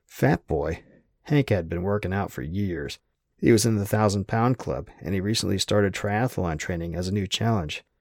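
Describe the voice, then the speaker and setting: A man narrating an audiobook in a steady, wry storytelling manner. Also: deep voice, normal speed, creaky, no room sound, studio quality.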